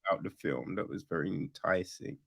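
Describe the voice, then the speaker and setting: A man hosting a podcast, talking casually about films in a halting way with many restarts. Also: low-pitched, creaky. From Britain. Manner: halting, restarts, laughs easily. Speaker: podcast host.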